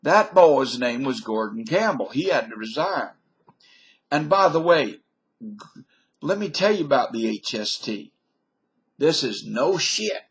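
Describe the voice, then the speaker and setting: A man from British Columbia talks into a webcam, drifting from one aside to the next in a folksy, mock-learned way. His voice is slightly husky and his delivery unhurried, with plenty of loose asides. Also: mid-range voice, big pitch swings. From British Columbia, Canada. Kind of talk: rambling comic monologue.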